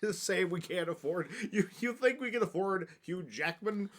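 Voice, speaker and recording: A man co-hosting a podcast in casual comedic chat, playful and quick to laugh and play along. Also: sits high, animated. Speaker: podcast co-host.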